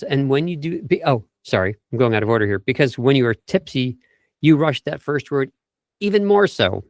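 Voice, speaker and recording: A vocal coach, interviewed as a guest over a video call, explains his points, lists tips, and demonstrates speech habits. His mid-range voice is animated and moves at a normal speed. The recording is dry and close, as heard through the video call microphone.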